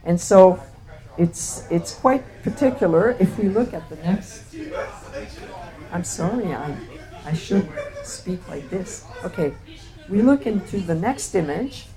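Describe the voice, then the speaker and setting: A woman with a fairly low voice gives a slide talk to a live audience. She speaks reflectively and haltingly, often stopping on "uh" and restarting her phrases. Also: expressive, crowd noise. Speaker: speaker presenting photographs.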